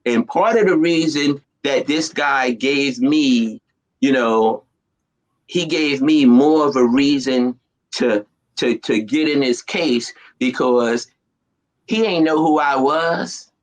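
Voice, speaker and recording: A middle-aged man from New Jersey, an animated storyteller in casual chat who laughs often. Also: medium pitch, slow pace, low-quality recording. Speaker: guest.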